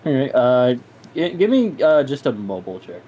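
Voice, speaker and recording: A man running a tabletop game, narrating and bantering in a joking, relaxed way. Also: mid-range voice, a little fast, highs cut off, a little hiss or hum. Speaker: game master.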